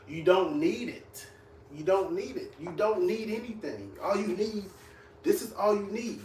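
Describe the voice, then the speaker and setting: A blunt, profane man who trains people, mocking viewers as he reacts to comments, his voice sitting a bit high. He sounds set back from the mic in an echoey room, with a faint hiss underneath. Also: animated, brisk, recorded from a distance. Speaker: fitness trainer.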